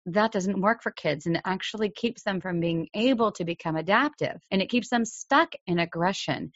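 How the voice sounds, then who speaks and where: A woman's voice: fairly low pitch, fairly bright tone, no room sound, highs cut off. A woman hosting a parenting podcast, talking straight to listeners in an earnest, direct way and sometimes acting out what a parent or child might say. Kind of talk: solo podcast talk.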